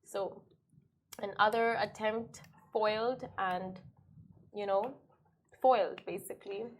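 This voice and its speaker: A woman's voice: mid-range voice, steady tone, slow. A woman co-hosting a show, chatting playfully and teasing, then reading the news. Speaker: show co-host. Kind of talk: casual chat and news reading.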